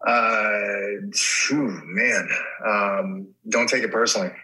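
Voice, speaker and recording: A middle-aged actor as a guest in a casual chat, telling rambling stories full of restarts and swearing. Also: male voice, on the low side, fairly even intonation, slow pace, bright, forceful tone, low-quality recording.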